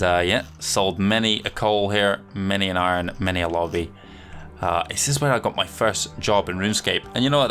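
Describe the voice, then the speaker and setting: Give me a lower-voiced man narrating his gameplay casually, thinking aloud, with faint game music behind. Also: fairly bright tone. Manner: chatty and nostalgic, thinking aloud with fillers. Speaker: game commentator. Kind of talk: casual let's-play commentary.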